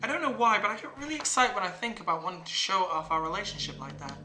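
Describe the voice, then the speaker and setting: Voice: medium pitch, fast talker, background noise, natural voice. A streamer reading aloud the lines of an affectionate teenage girl club president from a visual novel, in a plain half-amused delivery. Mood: tender. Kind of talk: reading game dialogue aloud. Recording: roomy with game music behind.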